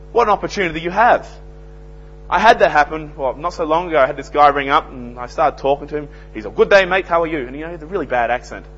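A man's voice: a little high, a bit bright. An earnest young Australian man preaching an evangelistic sermon, telling plain-spoken anecdotes. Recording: dull lo-fi recording with faint hum.

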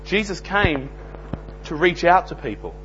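A man's voice: a little high, very animated, measured pace, fairly bright tone. An earnest young Australian man preaching an evangelistic sermon, telling plain-spoken anecdotes. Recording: dull lo-fi recording with faint hum.

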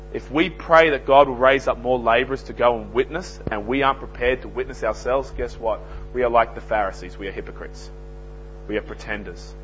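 A man preaching a sermon, swinging from loud emphasis to hushed lines. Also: mid-range voice, a little fast. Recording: dull lo-fi recording with faint mains hum.

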